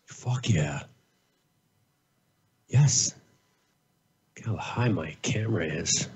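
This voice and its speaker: A man's voice: low voice, lively intonation, extremely slow, a little mellow, breathy edge. A man co-hosting a livestream over a video call, telling stories in an offhand, wry way. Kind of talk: casual livestream chat.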